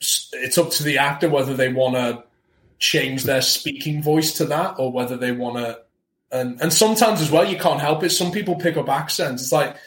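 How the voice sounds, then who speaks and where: A man's voice: mid-range voice, moderate pace. Chatty man, roomy sound. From north of England. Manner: animated, chatty, restarts often. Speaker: actor guest. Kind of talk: casual interview talk. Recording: roomy echo.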